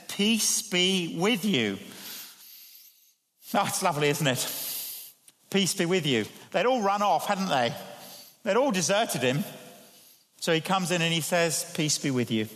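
A man preaching a sermon, his voice rising to emphatic peaks and dropping to hushed tones. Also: a little high. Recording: long hall reverb.

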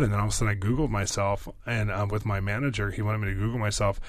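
A pastor being interviewed, telling stories in an excitable way with many fillers and quick bursts. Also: male voice, fairly low pitch, dry recording. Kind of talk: animated storytelling.

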